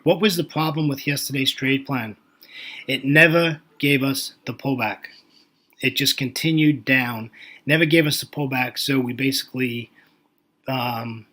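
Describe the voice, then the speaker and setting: A man with a medium-pitched, slightly bright voice talks through currency charts as a forex market analyst. His style is chatty and folksy, and he thinks out loud with fillers and restarts.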